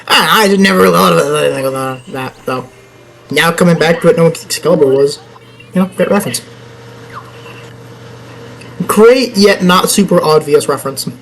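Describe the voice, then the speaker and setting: A man's voice: a little high, animated, moderate pace, creaky, long pauses, a bit bright, slight background noise, poor audio. A young man chatting through a video game let's play, rambling and joking with himself and the game as he goes. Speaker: gaming channel host.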